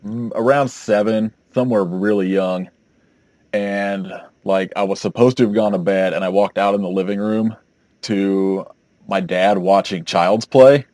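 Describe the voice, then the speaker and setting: A man's voice: fairly low pitch, steady tone, a little slow, a little mellow, no echo. A man co-hosting a podcast in casual chat, rambling and hesitant as he recalls things. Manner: rambling, hesitant, full of "like" fillers. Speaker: podcast co-host.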